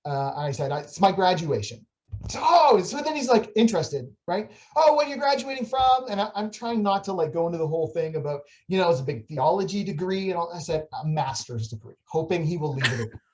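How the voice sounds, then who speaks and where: A young adult woman telling a funny story in a casual church chat, animated and laughing, with many restarts. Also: low-pitched, fast talker, highs cut off. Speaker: church staff member on a video chat.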